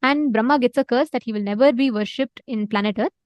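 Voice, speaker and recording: Woman, high voice, dry close sound, animated storyteller in an online class, repeats words and uses many fillers. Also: fast, no echo. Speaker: spiritual teacher.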